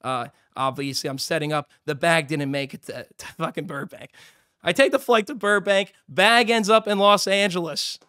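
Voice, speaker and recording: A young man streaming live, telling a long story in a rambling, excitable way, swearing and acting out other people's lines. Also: a little high, moderate pace, clean tone, dry recording, studio quality.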